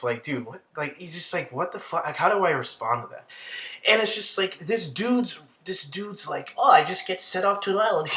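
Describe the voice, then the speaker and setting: A commentary vlogger delivers a casual, rambling rant, profane and exasperated. His voice is a little high with a sharp tone.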